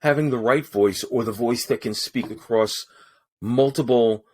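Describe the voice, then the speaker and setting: A man with a mid-range voice chats as a podcast guest, telling animated stories about his voice-over work. He often restarts his sentences as he goes, and he sounds like he is in a studio booth. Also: mid-range voice, a little slow. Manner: animated storyteller with many restarts. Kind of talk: casual podcast conversation. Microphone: studio mic in his booth.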